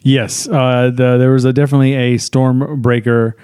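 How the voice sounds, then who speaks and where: A man's voice: medium pitch, level tone, moderate pace, darkish tone, clean tone, dry recording, clean studio sound. A man co-hosting a casual movie talk, rambling through his points with fillers. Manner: rambling, many fillers and restarts. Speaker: movie podcast co-host. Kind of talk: casual chat.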